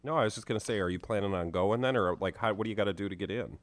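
A man's voice: on the low side, very fast, no room sound. A man co-hosting a casual chat, rambling and sarcastic, with a mock-thoughtful manner. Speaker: podcast co-host.

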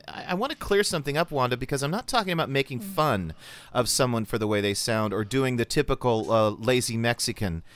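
A man's voice: mid-range voice, fairly quick, fairly bright tone, no room sound. A man who works as a voice actor, talking bluntly in a podcast discussion, swearing and restarting his sentences. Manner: blunt, profane, rambling with restarts.

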